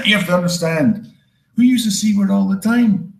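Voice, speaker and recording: A man from Scotland with a Scottish accent softened by years in Canada, performing a rambling, self-deprecating stand-up set and swearing freely. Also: sits high, normal speed, gravelly, reverberant, poor audio. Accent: Scottish, with some Canadian. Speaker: stand-up comedian.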